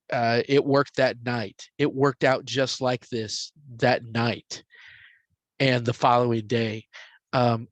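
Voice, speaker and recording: A man in his forties casually telling a story, getting animated and hushing into whispers for quoted voices. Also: mid-range voice, no echo. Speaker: podcast host telling a story.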